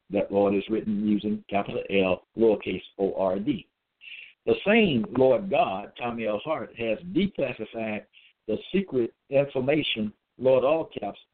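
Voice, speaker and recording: A man preaching a religious monologue at an unhurried, deliberate pace, his pitch swinging widely as he stresses each point. He repeats himself and spells words out letter by letter. The sound is thin and tinny, as though it came over a phone line. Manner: emphatic and repetitive, spells out letters; hesitant restarts with frequent uh. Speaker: self-styled religious teacher.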